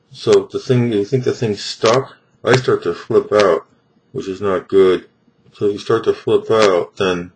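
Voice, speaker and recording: Halting low-voiced man thinking aloud. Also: noisy background. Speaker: home dental self-care demonstrator. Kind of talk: talking through a self-treatment on camera.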